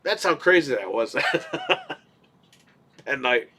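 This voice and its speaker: A man co-hosting a casual podcast, telling a story in an animated way, swearing casually and acting out what people said. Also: mid-range voice, drawn-out words, slightly rough. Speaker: podcast co-host.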